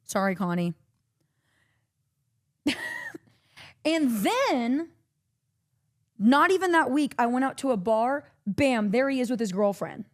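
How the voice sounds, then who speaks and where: A young woman from Texas tells a long, tangled story to a friend. She acts out everyone's lines with real energy and swears freely. Her voice sits a little high. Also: slow pace, pauses often. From Corpus Christi, Texas. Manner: animated, acts out quotes, swears a lot. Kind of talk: casual storytelling.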